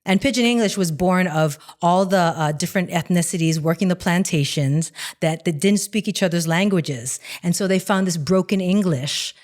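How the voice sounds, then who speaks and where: Lively middle-aged woman telling stories. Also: on the low side, moderate pace, few pauses. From Hawaii. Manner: animated storyteller, acts out quotes. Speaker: guest actress. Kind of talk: casual interview chat.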